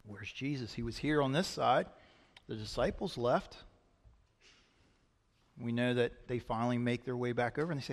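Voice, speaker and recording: A male pastor preaching a sermon in a church sanctuary, speaking earnestly and building to loud, emphatic passages. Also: medium pitch, moderate pace, pauses often. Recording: long reverb of a large hall.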